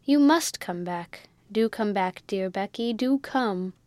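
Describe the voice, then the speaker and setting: A woman's voice: medium pitch, animated, slow pace, darkish tone, no echo. A woman voicing a coarse old country baronet who talks in rustic dialect and blusters. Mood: pleading.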